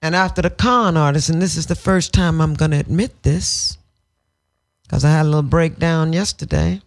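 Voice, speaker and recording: A woman's voice: sits low, moderate pace. A woman guest in a radio studio interview, telling stories candidly in a theatrical, profane way and breaking into sung phrases.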